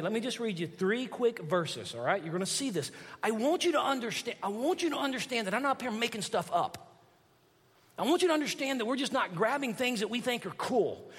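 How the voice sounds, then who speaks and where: A pastor with a notably high voice preaches to his congregation, reading verses and breaking in with emphatic asides. His voice carries a long reverb from a large church sanctuary. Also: fairly bright tone, husky. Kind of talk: sermon.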